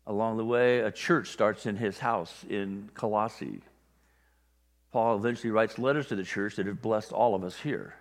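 A man delivers a sermon in an easygoing, conversational manner, his voice sitting on the low side. He slips into quick little character voices for the people in his examples. The sound carries a long reverb from a large sanctuary. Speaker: pastor.

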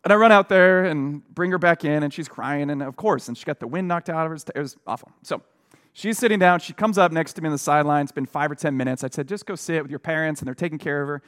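A middle-aged man delivers a sermon, speaking earnestly and conversationally, and he often pauses on fillers and restarts his sentences. His voice sits somewhat higher than most men's. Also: fairly bright tone. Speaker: pastor. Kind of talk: sermon with personal storytelling.

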